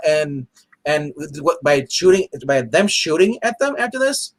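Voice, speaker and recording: Rambling excitable man chatting about comics. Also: on the high side, measured pace. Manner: excitable, rambling, full of restarts. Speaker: comic review co-host. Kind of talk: casual chat.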